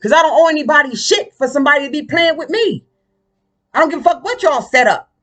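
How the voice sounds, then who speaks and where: A woman's voice: sits high, expressive, quick pace, a bit bright. A woman vlogger ranting in a casual monologue, blunt, profane and combative.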